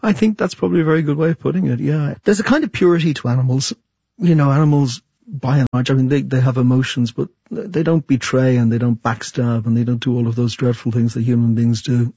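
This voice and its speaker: A man interviewed as an author, answering thoughtfully and reading aloud from his book in a measured storytelling manner. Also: medium pitch, steady tone, dark tone, breathy edge, dry recording, highs cut off.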